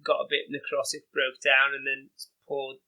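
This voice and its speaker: A man with a Liverpool Scouse accent, a podcast guest telling animated, chatty stories with lots of "you know" and "like". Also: medium pitch, normal speed, over a noisy crowd, rough recording. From England. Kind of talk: casual anecdotal storytelling.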